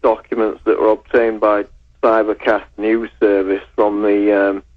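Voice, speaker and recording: A man reporting on a radio show over the phone, speaking in a level, measured way while reading out details. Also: fairly low pitch, level tone. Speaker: researcher and writer on air. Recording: tinny phone line.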